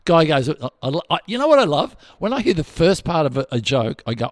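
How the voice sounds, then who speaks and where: A man's voice: on the high side, a little fast, hardly any pauses, no room sound, clean studio sound. An Australian man co-hosting a comedy podcast, telling jokes and acting out the characters in them. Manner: animated, acts out characters in jokes. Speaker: podcast co-host.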